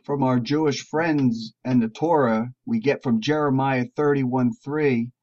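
A man preaching to a recovery group, telling a parable slowly and drawing out words with emphatic rises. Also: medium pitch, fairly even intonation, darkish tone. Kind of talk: sermon storytelling. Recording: dull lo-fi recording.

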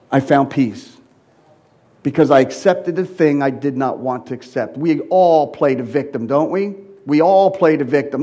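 A middle-aged male preacher delivers a sermon woven with personal testimony at a moderate pace. He swings between loud, high exclamations and quiet, low confiding.

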